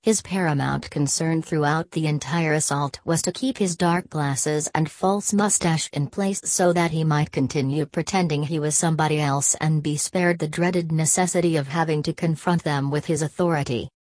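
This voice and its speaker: A woman narrating an audiobook in an even, deliberate manner. Her voice sits low, and the recording is dry and close with no room sound. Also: dry recording.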